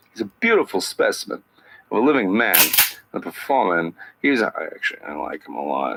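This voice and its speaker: A man doing a satirical impression of an older male actor as a podcast guest, speaking in halting phrases with odd pauses. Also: low-pitched, vocal fry, a bit bright, slight background noise, pitched below the performer's own voice, full character voice, low-quality recording. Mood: musing.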